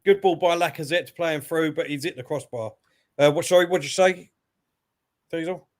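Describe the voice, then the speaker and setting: A man with a fairly high voice co-hosts a live football watchalong at a moderate pace, reacting to the match and reading out viewers' messages. It's casual commentary and chat, and he gets excitable over goals.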